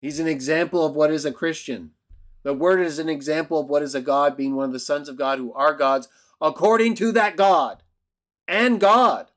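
Male Bible teacher, argumentative, emphatic, fairly high voice, keeps asking "right?". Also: moderate pace. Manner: emphatic outbursts. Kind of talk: lecture-style video commentary.

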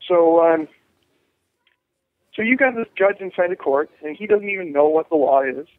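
A man with a voice on the high side gives a phone interview about jury rights activism at a moderate pace. The recording is dry but tinny from the phone line, and he's animated, frequently restarting and imitating the voices of people he quotes.

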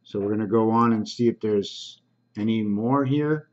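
A man hosting his own channel, slowly reading comments aloud in a halting, casual way with frequent ums. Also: lowish voice, darkish tone, dull audio.

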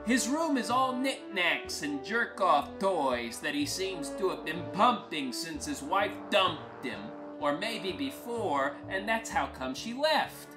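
A woman tells a crude, wry first-person comic story with a deadpan edge. She speaks slowly, and her pitch rises and falls a lot. Clear acoustic guitar plays behind her. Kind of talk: first-person comic monologue over music. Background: acoustic guitar music.

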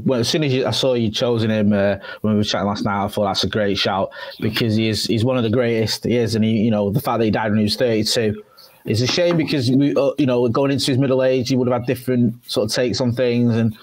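A man in his forties co-hosting a podcast, chatting in a jovial, animated way. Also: mid-range voice, a little fast. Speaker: podcast co-host. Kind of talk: casual chat.

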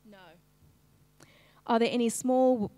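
Woman slowly sounding out phonics. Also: fairly high pitch, steady tone, warm tone, big-room sound. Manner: slow, clearly segmented sounds, prompting an unseen class. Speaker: literacy teacher. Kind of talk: live-streamed phonics lesson.

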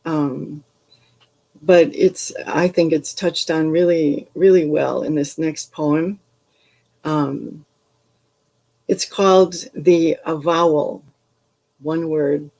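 A woman's voice: deep voice, steady tone, slow, gravelly, pauses often, dark tone, low-quality recording. An older woman, a retired English professor, leads a poetry workshop over a video call, speaking thoughtfully with frequent ums and restarts. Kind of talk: reflective workshop talk with poetry readings.

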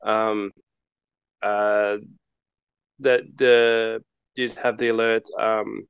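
A man chatting casually as a podcast co-host, halting and repeating words with many fillers. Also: lowish voice, flat delivery, creaky, clean tone, no room sound. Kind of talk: casual chat. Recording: dull dry lo-fi sound.

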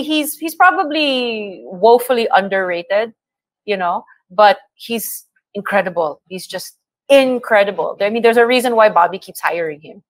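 A woman guest on a morning radio show, chatting in an effusive, animated way and often repeating words as she gathers her thoughts. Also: medium pitch, no echo. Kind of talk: casual radio chat. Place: radio studio. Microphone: studio mic.

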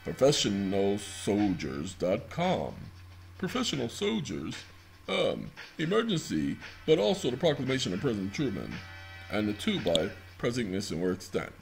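A man's voice: lowish voice, wildly swooping pitch, normal speed, gravelly, soft background music. A man hosting his own video, rambling casually through documents on his screen, addressing viewers as y'all and breaking into bits of song. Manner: rambling, talks to viewers as y'all, sings snatches of songs. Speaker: video host. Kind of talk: casual screen-share commentary.

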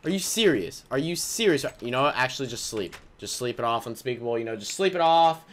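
Excitable young-sounding gaming host man. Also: mid-range voice, fairly quick, slight background noise. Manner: excitable, exasperated, says "like" and "oh my gosh" often. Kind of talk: let's play commentary.

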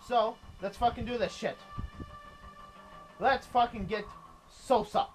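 A man's voice: extremely high pitch, takes it slowly, a little mellow, faint music behind. A man commenting on a video game as he plays, swearing a lot and ranting in frustration. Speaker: let's play gamer.

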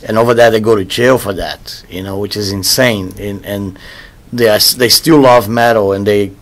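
Musician interviewee, male, a bit low in pitch, loose and rambling. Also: fairly even intonation, moderate pace. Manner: loose, rambling, repeats words while searching for them. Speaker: musician interviewed about his album. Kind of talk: casual interview talk.

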